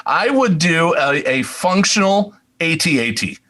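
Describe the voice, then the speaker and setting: A man's voice: on the high side, very animated, unhurried, fairly bright tone. A man co-hosting a podcast in casual chat, easygoing, laughing often and steering the segments. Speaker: podcast co-host.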